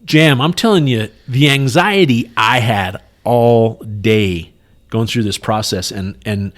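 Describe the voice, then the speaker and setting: A man's voice: mid-range voice, slow. A man co-hosting a podcast, telling a long story in casual chat and acting out the other people's lines in quotes. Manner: animated, retells scenes in quoted dialogue, many "you know" fillers. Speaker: podcast co-host.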